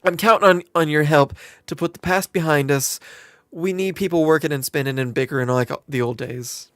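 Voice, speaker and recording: A man's voice: fairly high pitch, moderate pace, a bit bright, no echo, close to an everyday voice. A man voicing a shrewd, teasing middle-aged woman innkeeper with a put-on Southern drawl, reading game dialogue and tripping over words. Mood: welcoming. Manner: homey turns of phrase, stumbles over words while reading.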